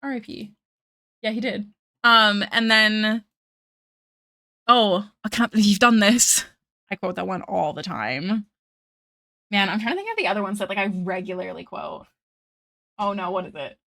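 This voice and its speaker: Bright-voiced woman streamer chatting while drawing. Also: mid-range voice, animated, normal speed, creaky, pauses often, no echo, clean studio sound. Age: 30s. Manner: rambling, laughs often, quotes memes in put-on voices. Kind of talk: casual livestream chat while drawing.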